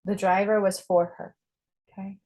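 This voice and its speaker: An earnest woman psychic speaks straight to her viewers in an emphatic monologue. She repeats her key points and keeps checking in with a quick "okay?" before moving on. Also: mid-range voice, little pitch movement, a little mellow, rough recording. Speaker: self-described psychic medium. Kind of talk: earnest spoken monologue to camera.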